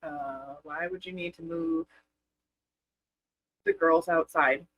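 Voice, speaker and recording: A woman's voice: low-pitched, steady tone, slow, fairly bright tone, muffled recording, a little hiss or hum. A woman co-hosting a live farm stream, chatting casually and joking with her partner.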